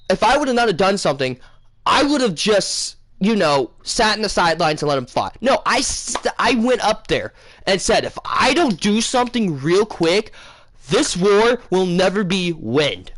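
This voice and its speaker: A young man tells a long story to his channel in a rambling, excitable way, tripping over his words and correcting himself as he goes. His voice sits a little high for a man, and the sound is close and dry with no room around it. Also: dry recording. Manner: rambling, excitable, lots of fillers and self-corrections. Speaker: gaming channel host. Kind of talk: casual storytelling to camera.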